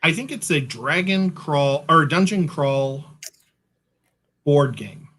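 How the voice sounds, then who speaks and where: Male co-host, chatty and joking, slightly sleepy; lively, bright delivery. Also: on the high side, slow, breathy edge. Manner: playful, chatty, joking asides. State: sleepy, yawning. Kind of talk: casual chat.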